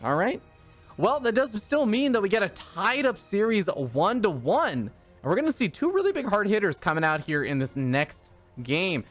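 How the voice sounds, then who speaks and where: An esports caster gives live play-by-play and analysis of a strategy game match in a very animated, mid-range voice at a moderate pace. They think aloud with frequent hedges while faint music plays behind.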